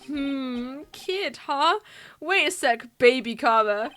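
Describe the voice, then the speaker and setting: A woman's voice: sits high, slow, faint music behind. A woman from the UK streaming a game playthrough, reading the dialogue aloud and reacting with lots of laughter. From United Kingdom. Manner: excitable, laughs often, voices characters.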